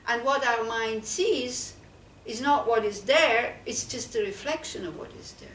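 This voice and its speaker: Nun teaching in an echoey room. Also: female voice, a little high, measured pace, fairly bright tone, slight background noise. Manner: questioning, conversational, many "you know"s. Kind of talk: dharma talk to a small group. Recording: echoey room, speaker far from mic.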